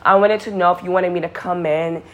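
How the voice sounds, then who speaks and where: A woman's voice: fairly low pitch, steady tone, brisk, narrow, tinny audio, close to an everyday voice. A young woman mimicking a young man at her door who pretends to care, in a sugary, pleading tone. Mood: wheedling. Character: sheepish young man at the door, fake-caring.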